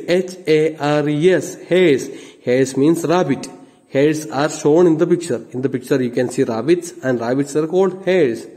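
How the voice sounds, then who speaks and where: Man, teacher, story lesson, spells words letter by letter, dark tone, long reverb. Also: medium pitch. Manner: slow, spells words letter by letter and explains each one.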